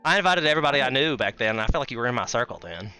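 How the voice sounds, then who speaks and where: A man in his thirties with a bright, forceful tone, talking like a casual podcast host. He tells stories animatedly and swears freely. Faint music plays under him. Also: mid-range voice, very animated, racing, clean tone. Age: 30s. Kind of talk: casual chat.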